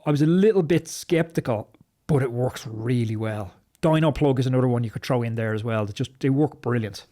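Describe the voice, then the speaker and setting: A man talks through cycling gifts in an easygoing, practical way. His voice sits at an ordinary middle pitch, and he keeps things plain and matter-of-fact as he co-hosts a relaxed podcast. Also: fairly quick. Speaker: podcast co-host. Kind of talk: casual gift-guide chat.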